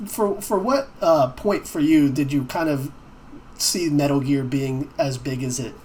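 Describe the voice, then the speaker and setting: A podcast host at a middle pitch who asks questions in a relaxed, rambling way, padding them with fillers and restarts. A faint layer of noise runs behind the voice. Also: a little slow. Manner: casual, loose questions with many fillers. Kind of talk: podcast interview.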